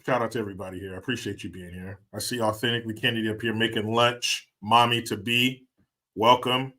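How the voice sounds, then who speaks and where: A man's voice: lowish voice, fairly even intonation, quick pace, bright, forceful tone. A middle-aged man hosting a live stream, chatting casually with viewers, often laughing, joking and swearing. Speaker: livestream host.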